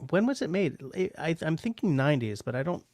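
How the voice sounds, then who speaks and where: A man co-hosting a livestream, speaking in a measured, hesitant way in casual chat. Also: on the high side, very animated, a little mellow, dry recording. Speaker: livestream co-host.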